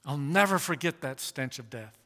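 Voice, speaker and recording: A man preaching a sermon, swinging from hushed, slow lines to loud, emphatic ones. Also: a little high, animated. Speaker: pastor. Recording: long hall reverb.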